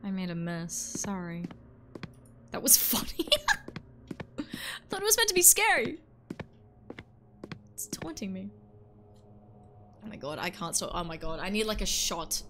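A woman's voice: mid-range voice, very animated, a little slow, pauses often, sharp tone, slight background noise. A woman chatting casually on a live stream while playing a game, joking and greeting her chat between yawns.

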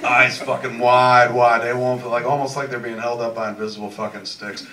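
A man's voice: medium pitch, steady tone, fast talker, a bit bright. A man hosting a live podcast show, telling a rambling, profane comic story on stage in a large cinema. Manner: laid-back, rambling, swears a lot. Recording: echoey hall recorded from far off, with crowd noise. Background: audience laughter and room noise.

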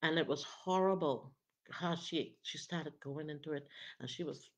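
A woman, preaching as a prophetess and telling a personal testimony with animated acted-out dialogue. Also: low-pitched, normal speed. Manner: animated, acts out the other people's lines. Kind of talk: testimony storytelling. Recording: dull lo-fi recording.

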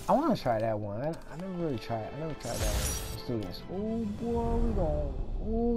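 A young adult gamer talks through a session in loose, profane commentary, breaking into excited whoops and yells. The voice swings widely up and down in pitch. Game music plays loudly behind. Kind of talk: casual gameplay commentary. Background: video game music.

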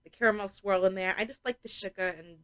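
Sleepy woman, podcast co-host, relaxed chat, filler words, dry close sound. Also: medium pitch, quick pace, clean tone, no echo. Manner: relaxed, drowsy, lots of "like".

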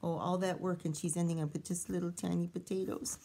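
A woman teacher reading a picture book aloud to children, expressive, with chatty asides to her listeners. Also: fairly low pitch, a little fast, creaky, a little hiss or hum.

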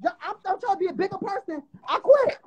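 A drunk young man on a livestream, loudly complaining and exasperated. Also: very high voice, expressive, quick pace. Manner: loud, exasperated, slurring complaints. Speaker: livestream guest.

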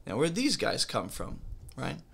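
A man teaching from the Bible in a relaxed, conversational way, with a bright and forward tone. He reads passages aloud, then stops to explain them and ask questions. He keeps checking in with the listener as he goes. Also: medium pitch, a little slow, vocal fry, breathy edge.

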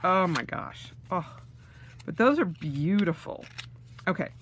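A woman's voice: lowish voice, animated, slow pace, a little hiss or hum. A woman vlogger unboxing things, gushing with gasps and delighted exclamations. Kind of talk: casual unboxing vlog.

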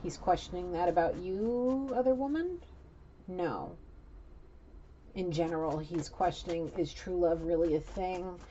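A woman with a low, mellow voice gives a rambling, blunt psychic reading in a casual, chatty way. She sometimes swears. The recording sounds dull and lo-fi, with faint noise behind it. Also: measured pace. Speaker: psychic tarot reader.

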